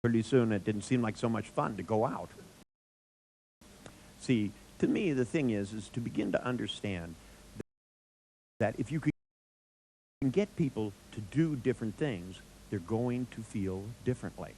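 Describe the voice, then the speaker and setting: A man's voice: fairly low pitch, a little slow, pauses often, slight background noise, low-quality recording. A man telling a story to an audience, acting out the dialogue with wry chuckles. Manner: animated, acts out dialogue in quotes. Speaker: speaker.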